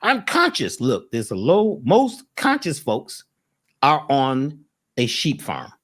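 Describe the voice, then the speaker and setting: Husky, animated man telling stories. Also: medium pitch, slow. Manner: animated storyteller, acts out quoted people. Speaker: guest. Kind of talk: animated spiritual talk.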